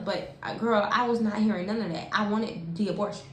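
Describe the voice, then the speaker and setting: A young woman telling a personal story in a casual, animated way, using lots of slang and talking straight to her viewers. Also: mid-range voice, fairly quick. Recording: echoey room with faint hiss.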